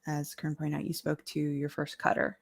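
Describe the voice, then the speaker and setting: A woman running a tabletop game as dungeon master, narrating in a relaxed, meandering way and laughing often. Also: deep voice, moderate pace, vocal fry.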